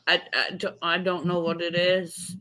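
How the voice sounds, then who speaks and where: A woman's voice: lowish voice, little pitch movement, a little slow, sharp tone, low-quality recording. A woman chatting casually on a live stream, with wry, dry asides. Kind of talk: casual chat. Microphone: live-stream call microphone.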